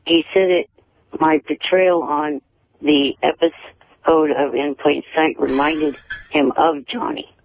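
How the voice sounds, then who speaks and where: Brief: male caller, slightly raised pitch, gravelly, stiff and stumbling, tinny phone line. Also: fairly even intonation, no echo. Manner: halting, repeats words, stiff and earnest. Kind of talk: casual call-in chat.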